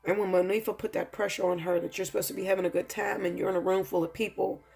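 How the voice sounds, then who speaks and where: Husky-voiced earnest tarot reader. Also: medium pitch, flat delivery, fast, a little mellow, faint music behind. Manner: earnest, addresses viewers directly; emotional, fights back tears. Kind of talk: spiritual tarot reading to camera.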